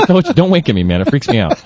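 A man's voice: a little high, darkish tone, breathy edge, no room sound, highs cut off. A man hosting a live talk radio show from a studio mic, playful and teasing, laughing often as he banters with guests. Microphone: studio broadcast mic.

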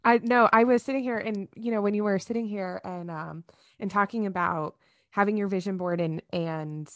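A woman co-hosts a podcast, telling stories in a chatty, casual way with lots of fillers and acted-out quotes. Her mid-range voice is steady and moves at normal speed, with clean studio sound and no echo.

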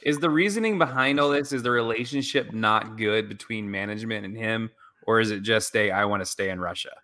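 A man's voice: lowish voice, bright, forceful tone. A man co-hosting a podcast, chatting about sports and restarting often as he works toward his point. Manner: restarts a lot, builds his point slowly. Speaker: podcast co-host. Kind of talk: casual sports chat.

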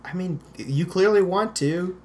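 A podcast co-host in casual movie-review chat, animated and quick to laugh, with dry asides. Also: mid-range voice.

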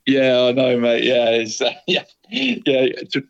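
Bloke co-hosting a football pod, middle-aged, chatty, says mate every other line. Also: male voice, mid-range voice, big pitch swings, unhurried, highs cut off. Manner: chatty, says "mate" constantly, laughs often. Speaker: podcast co-host. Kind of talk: casual football chat.

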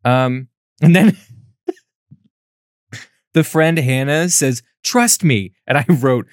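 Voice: mid-range voice, slow pace, no room sound, studio quality. A podcast host recapping a bad movie in casual chat, sarcastic and profane, telling the story with energy.

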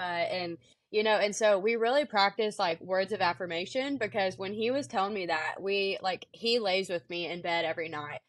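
Young woman, casual podcast chat, sweet and soft, even pitch, dry close sound. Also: normal speed, no room sound. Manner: soft-spoken, sweet, many fillers. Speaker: podcast co-host.

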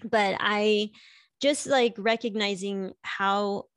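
A woman's voice: mid-range voice, fairly even intonation, takes it slowly, a bit bright, clean tone, no room sound, clean studio sound. A middle-aged woman chatting casually about her marriage, laughing often and filling her talk with "like". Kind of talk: casual personal chat.

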